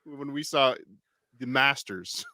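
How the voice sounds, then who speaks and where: Sardonic bright-voiced male co-host. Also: medium pitch, takes it slowly, no echo, studio quality. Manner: sardonic, exasperated. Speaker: podcast co-host. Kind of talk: casual call-in show banter.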